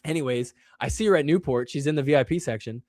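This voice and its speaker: A man hosting a show, telling stories in a casual way with lots of "like", animated and poking fun at himself. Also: mid-range voice, fast talker, no echo, clean studio sound. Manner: animated, self-mocking, heavy use of "like". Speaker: show host. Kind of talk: casual solo storytelling.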